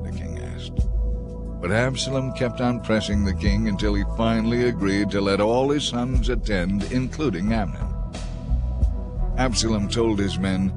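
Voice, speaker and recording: A man reading a scripted story aloud in a steady, measured storytelling manner. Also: fairly low pitch. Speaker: narrator. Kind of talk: scripted audiobook narration. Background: background music.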